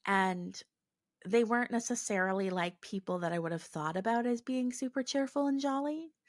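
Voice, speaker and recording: A woman's voice: on the high side, normal speed, dry recording, clean studio sound. A woman in her forties hosting a podcast, telling a story in a casual solo talk and filling her sentences with "like". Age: 40s. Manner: chatty, many "like" fillers. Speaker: podcast host.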